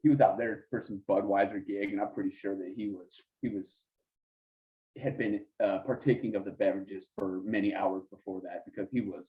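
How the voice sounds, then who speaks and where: A man guest on a podcast, telling stories in a lively, casual way. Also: on the low side, brisk. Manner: animated storyteller, acts out voices in quotes. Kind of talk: casual storytelling. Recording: tinny phone-like line.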